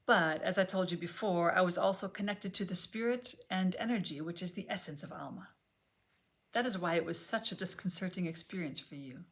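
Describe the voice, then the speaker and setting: A woman voicing a calm man who patiently explains a strange truth, read as part of an audiobook. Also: brisk. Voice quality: deep masculine voice. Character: man in his original body, calm and explanatory.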